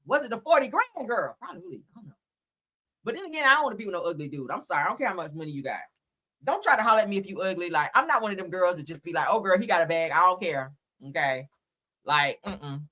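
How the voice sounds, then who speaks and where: Animated, bright-voiced woman gossiping. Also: fairly low pitch, quick pace. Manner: blunt, profane, laughing often. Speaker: host. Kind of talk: casual gossip commentary.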